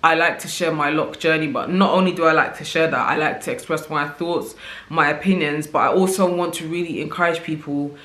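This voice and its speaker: A woman's voice: low-pitched, fairly even intonation, fairly quick, a bit bright, reverberant. A woman vlogger talking casually to camera, reflective and conversational, often checking in with the listener as she thinks aloud. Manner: reflective, conversational, often tags "right?" and "you know". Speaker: vlogger sharing opinions.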